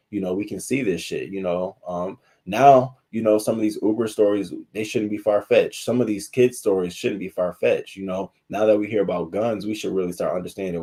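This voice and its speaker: A man hosting a casual livestream news commentary, animated and profane, talking to his viewers between stories. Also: sits low, husky.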